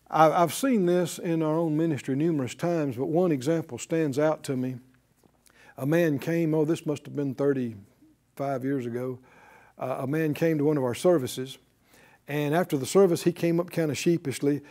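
An older male preacher delivers a sermon, drawing responses from his listeners with hallelujahs and questions. His voice sits high and swoops with lively intonation as he acts out both sides of a remembered conversation.

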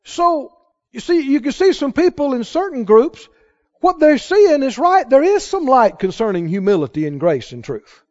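A man with a very high voice preaches with lively, swinging pitch. He keeps asking his congregation questions. The recording sounds dull and lo-fi. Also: normal speed. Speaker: pastor. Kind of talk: sermon.

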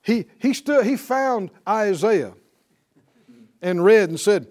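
A man's voice: high-pitched, animated, takes it slowly, darkish tone. A man teaching a Bible lesson in an emphatic preaching style, calling out to his audience for responses. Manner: emphatic, rising on key words.

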